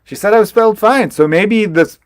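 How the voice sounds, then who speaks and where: A man's voice: high-pitched, moderate pace, dry recording, clean studio sound. A man hosting a podcast, telling long rambling stories and swearing freely in casual chat. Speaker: podcast host, stand-up comedian.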